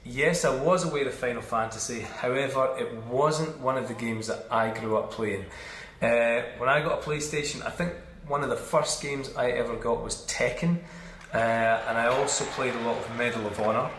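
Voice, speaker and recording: A male voice actor giving a slow, deliberate and reflective answer on a panel. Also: mid-range voice, a bit bright, roomy sound, a little hiss or hum.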